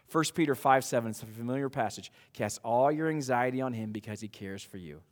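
A man preaching a sermon to his church in a conversational, animated way, with frequent asides. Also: medium pitch, fairly quick, in a large hall. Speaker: pastor.

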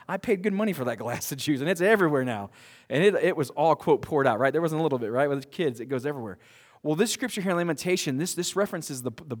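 Male pastor, sermon, average pitch, animated and repetitive, church hall reverb. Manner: animated, repeats words as he restarts, laughs at his own stories.

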